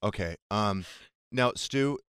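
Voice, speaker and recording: A man's voice: lowish voice, slow pace, fairly bright tone, clear, resonant tone. A man co-hosting a casual chat show, teasing and bickering with his partner. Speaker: podcast co-host.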